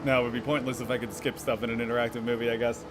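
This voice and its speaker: A man's voice: medium pitch, flat delivery, very fast, music in the background. A man doing critical live gameplay commentary, sarcastic and swearing, with frequent laughs. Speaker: game streamer.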